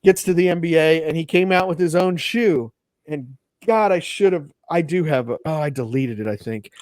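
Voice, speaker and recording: Animated rambling man, dry close mic. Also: a little high, normal speed, no echo. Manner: rambling, animated storyteller, recites old ad jingles. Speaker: podcast co-host. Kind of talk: casual chat.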